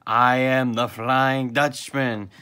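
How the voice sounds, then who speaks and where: A man voicing an excitable young male sea sponge from a storybook, reading his lines loudly with a slightly raised pitch. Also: normal speed, close to an everyday voice. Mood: shouting.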